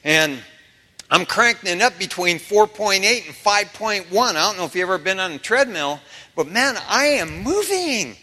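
A man preaches in a church sanctuary, slipping into casual stories and acted-out voices with a joking touch. His voice sits high and sounds bright and forceful. The room rings with a long, hall-like reverb. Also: normal speed. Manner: animated, casual storytelling with humor and acted-out quotes. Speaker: pastor. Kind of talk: sermon.

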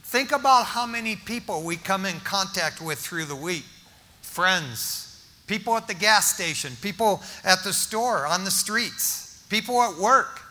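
An older man preaches with a high, very bright, piercing voice, joking his way through a story and acting out the dialogue. His words ring out with a long reverb from a big church hall. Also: measured pace. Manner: animated, joking, with restarts and acted-out dialogue. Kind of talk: storytelling sermon testimony.

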